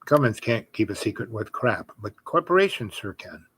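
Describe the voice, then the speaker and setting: A man's voice: fairly low pitch, sing-song, brisk, a bit bright, slightly rough, dry recording. A middle-aged man hosting a podcast, telling a personal story casually and rambling, with many fillers and restarts. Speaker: podcast host.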